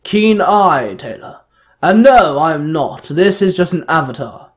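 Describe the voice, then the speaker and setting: A man reading aloud, voicing the Ultra Grid, an ancient power that speaks through a teammate's avatar in a slow, formal way. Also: fairly high pitch, big pitch swings. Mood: measured.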